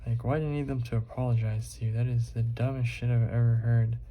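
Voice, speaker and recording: A man's voice: mid-range voice, little pitch movement, fast talker, mellow. A young man vlogging while he draws, rambling casually with lots of fillers and swearing. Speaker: art vlogger.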